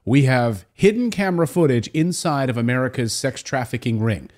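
A man's voice: mid-range voice, expressive, moderate pace, darkish tone. A man hosting a talk show interview, indignant and then grave and earnest. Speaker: show host.

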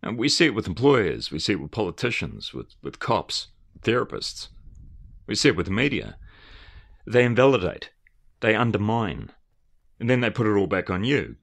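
Earnest man with a lively voice. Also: on the low side, moderate pace, creaky. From Australia. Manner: earnest and emphatic, with repeated restarts. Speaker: commentator. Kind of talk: rambling video commentary.

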